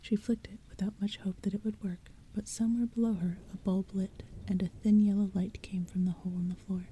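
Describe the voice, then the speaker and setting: Whispered role-play: woman softly reading, dark tone. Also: medium pitch, flat delivery, a little hiss or hum. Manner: soft unvoiced whisper, slow and hushed. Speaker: ASMR audiobook reader. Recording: faint rain sounds behind. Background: soft rain and thunder.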